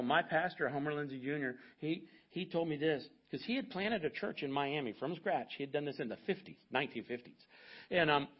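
Storytelling pastor preaching, slightly high voice. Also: male voice, husky, dull audio. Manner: storytelling, animated asides to the congregation. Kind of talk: sermon.

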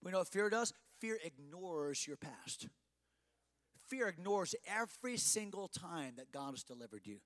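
Man, pastor, sermon, very high voice, bright tone, emphatic delivery. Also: animated, unhurried. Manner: preaching with rising emphasis and dramatic quotes.

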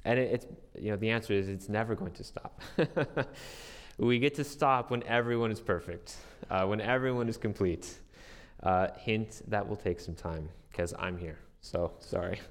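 A man's voice: lowish voice, in a large hall. A man preaching a sermon as a pastor, earnest and conversational, with restarts and light self-deprecating humor.

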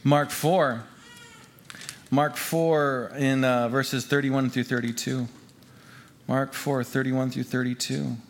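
A man preaching a sermon to his congregation as pastor. He talks emphatically, repeats key phrases and swings from hushed lines to loud ones. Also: medium pitch, fairly even intonation, slow, long pauses, a little hiss or hum. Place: church gathering before a congregation.

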